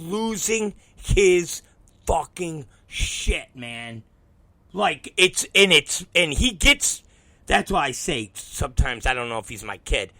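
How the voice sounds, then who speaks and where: A man's voice: on the high side, dry recording. A man hosting a show, telling a profane comic story and acting out the quoted dialogue. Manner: animated, acts out quoted dialogue, heavy swearing. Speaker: show host.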